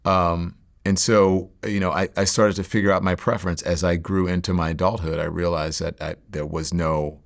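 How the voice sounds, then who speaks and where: A middle-aged man speaks low with a gravelly edge as he recounts his past. His delivery is reflective and halting, full of fillers and restarts. He sounds like a guest opening up in a sit-down interview. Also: little pitch movement. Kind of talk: candid personal storytelling.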